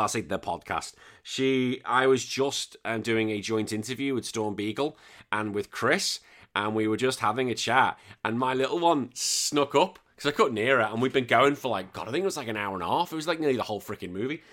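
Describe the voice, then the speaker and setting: A man's voice: on the low side, a bit bright. A man hosting a retro gaming podcast, chatting casually and joking with plenty of swearing as he reads out listener comments. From United Kingdom. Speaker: podcast host.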